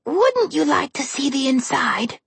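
A woman voicing a grotesque old witch in a storybook reading, with a high-pitched, crackly voice and slow, wheedling speech. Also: very animated, creaky, dry recording, full character voice. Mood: coaxing. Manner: slow, drawn-out coaxing.

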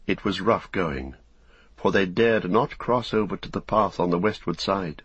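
Deep-voiced man narrating an audiobook steadily, husky tone, dry close sound. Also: fairly bright tone, no echo, muffled recording. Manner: measured, deliberate reading. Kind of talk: scripted narration.

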